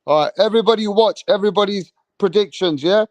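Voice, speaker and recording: Rowdy, swearing man, high voice. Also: fast, dry recording. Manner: rowdy, swears a lot, reads out chat. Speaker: livestream host. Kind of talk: casual live chat.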